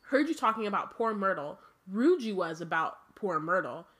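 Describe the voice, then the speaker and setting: A petty, mischievous male poltergeist, voiced by a woman reading aloud who jeers at his target and bellows across the room. The sound is bright and sharp, and the pace is slowed down for the big taunt. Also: mid-range voice, big pitch swings.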